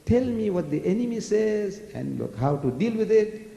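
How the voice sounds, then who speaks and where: Older South African preacher in echoey hall. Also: male voice, sits high, moderate pace, creaky. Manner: animated, rhetorical questions, mocking repetition. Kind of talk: public religious lecture.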